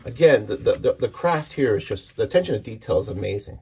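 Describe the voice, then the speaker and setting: A man's voice: on the low side, lively intonation, fast, a little mellow, breathy edge. A man casually walking through a comic book issue page by page, enthusiastic and rambling, often restarting his sentences.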